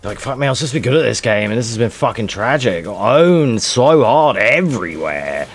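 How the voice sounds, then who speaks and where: A man's voice: mid-range voice, rapid-fire, faint music behind. Swearing, frustrated man streaming a game. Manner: swears constantly, mutters and shouts at the game. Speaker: speedrunner streaming. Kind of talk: frustrated live game commentary.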